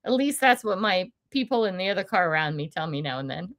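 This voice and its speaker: A woman's voice: lowish voice, sing-song, fast, a bit bright. An older woman hosting a casual livestream from home, chatting in a rambling way, laughing often and answering viewer comments. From United States. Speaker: livestream host. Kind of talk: casual live chat with viewers. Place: at home indoors.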